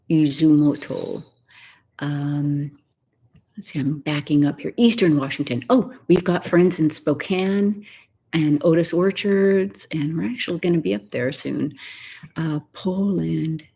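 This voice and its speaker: An older woman hosting a soft-spoken ASMR live chat from her home, greeting viewers and often slipping into a whisper. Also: deep voice, gravelly, breathy edge. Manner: soft and unhurried, slipping into whispers while reading viewer comments. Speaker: ASMR host. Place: home, Texas.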